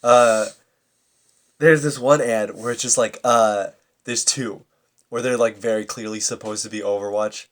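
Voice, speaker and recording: A man's voice: lowish voice, fairly even intonation, measured pace, fairly bright tone. A young man co-hosting a podcast, rambling and swearing freely in casual chat, laughing often. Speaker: podcast co-host.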